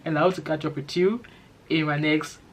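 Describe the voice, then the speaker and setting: A middle-aged woman with a Nigerian accent talks straight to her vlog audience. She is chatty and reassuring, and drops into pidgin phrases now and then. Her delivery is relaxed and conversational. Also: deep voice, brisk. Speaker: vlogger. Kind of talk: casual vlog chat.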